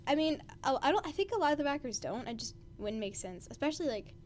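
A young woman talking casually as co-host of a book discussion, with a chatty, excitable manner full of "like". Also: high-pitched, quick pace, a little hiss or hum. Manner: chatty, lots of "like", excitable rants. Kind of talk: casual chat. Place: home.

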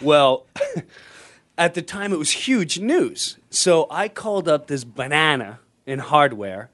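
A middle-aged man hosting a talk show, telling a comic story in an animated way, laughing and breaking into shouted voices. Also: a little high, slow pace. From New York area. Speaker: radio show host.

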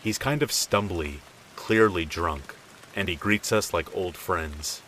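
A man narrates a true scary story in a calm, measured, scripted delivery, letting his voice drop low and quiet for the quoted lines. Faint rain can be heard in the background.

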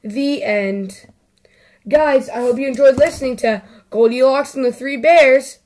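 A woman hosting a children's story show, reading a story aloud in a deliberate storytelling manner. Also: sits high, a little mellow. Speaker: host.

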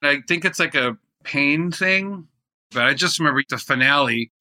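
A man's voice: on the high side, normal speed, sharp tone. A male musician telling a casual, laid-back, rambling anecdote as a guest.

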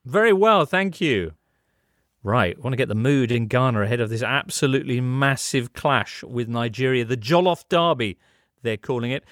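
A man hosting a sports show, brisk and chatty as he runs through results and brings in guests. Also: medium pitch, lively intonation, fairly bright tone, no room sound, clean studio sound. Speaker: host. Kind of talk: sports radio presenting.

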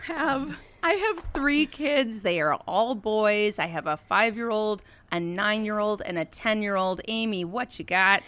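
A woman's voice: mid-range voice, measured pace, few pauses, a bit bright. A woman in her thirties hosting a podcast in casual chat, rambling and giggly with lots of fillers. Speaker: podcast host.

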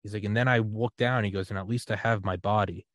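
Male podcast host with a fairly low voice, chatty and animated, dry close recording. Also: quick pace, no room sound. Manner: animated storyteller, acts out quoted voices. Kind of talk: casual conversation.

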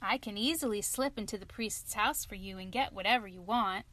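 A woman's voice: a little fast, dry recording. A woman voicing a tiny, brave, cheeky thumb-sized boy in a storybook reading, calling out eagerly. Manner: high, eager, calling out loudly.

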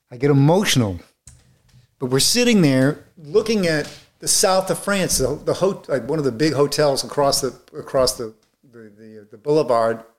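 A middle-aged man, a film director being interviewed, telling long, rambling stories in a casual way with many restarts. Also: a little high.

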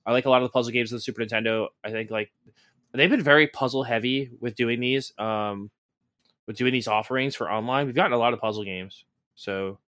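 Male co-host, bright and punchy, dry mic, loose profane rambler with a sarcastic edge. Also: mid-range voice, brisk, dry recording. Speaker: podcast co-host. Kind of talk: casual podcast chat.

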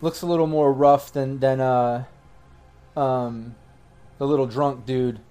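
A man running a tabletop role-playing game as game master, narrating casually and slipping into quick voices for the people in the scene. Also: medium pitch, steady tone, warm tone, soft background music. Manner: casual, puts on quick gruff voices for townsfolk.

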